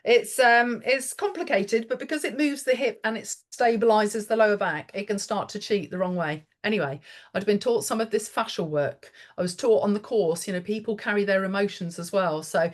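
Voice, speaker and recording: A woman's voice: medium pitch, normal speed. A woman pain therapist chatting in a webinar over a video call, explaining body mechanics and telling stories from her practice. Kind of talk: casual webinar chat.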